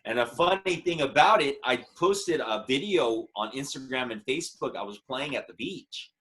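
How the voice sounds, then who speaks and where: A man's voice: mid-range voice, lively intonation, normal speed, fairly bright tone. A man in his thirties, a musician guest telling a story in a casual interview, chatty and earnest. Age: 30s.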